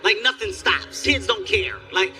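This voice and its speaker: Male stand-up comic, high-pitched and sharp, animated delivery, miked on a stage some distance off. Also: measured pace, faint music behind. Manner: animated storytelling, acts out characters, yelling bits. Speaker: stand-up comedian. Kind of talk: stand-up comedy set. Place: theater stage before a live audience.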